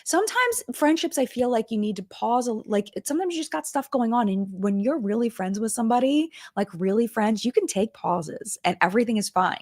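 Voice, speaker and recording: A woman's voice: a little high, expressive, brisk, few pauses, a little mellow, no echo, studio quality. A middle-aged woman hosting a live-stream chat, talking casually and emotionally, with many fillers and restarts. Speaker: live-stream commentary host.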